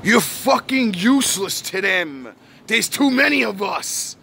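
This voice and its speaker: A man with a high, gravelly voice rants slowly in a preachy monologue. His tone is bright and tense, and he lectures the listener with profanity and repeated catchphrases, bursting into shouts. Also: very animated, a little hiss or hum. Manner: repeats catchphrases and "yous" address. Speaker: online preacher-style commentator. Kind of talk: ranting monologue.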